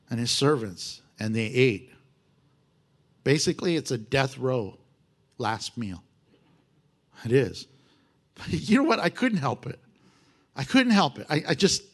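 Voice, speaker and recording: A man preaching a sermon in a folksy, expressive way, teaching through a scripture passage. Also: on the high side. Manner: expressive, folksy, laughs often.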